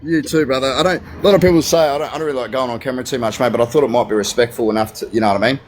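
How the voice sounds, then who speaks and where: A man's voice: medium pitch, rapid-fire, slight background noise. An Australian man chatting casually as host, full of slang, calling people "mate" and asking "you know what I mean". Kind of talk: casual chat.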